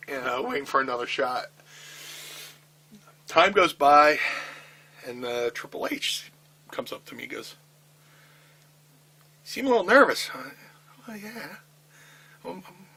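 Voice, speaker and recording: A middle-aged man telling a backstage story in a casual interview, animated and swearing, with halting restarts. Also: mid-range voice, poor audio. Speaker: interview guest, wrestler.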